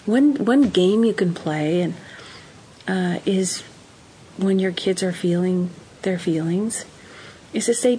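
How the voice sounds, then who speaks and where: A woman with a mid-range voice, speaking at normal speed on a rough recording with slight background noise, appears as a parenting counselor guest. Warm, earnest and emphatic, she gives advice and acts out example conversations.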